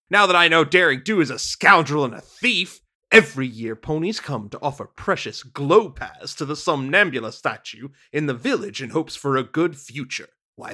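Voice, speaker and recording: A woman voicing a gruff, suspicious Western saloon-owner pony with a folksy drawl, reading a storybook aloud. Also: low-pitched, sharp tone, pitched below the performer's own voice, exaggerated voice.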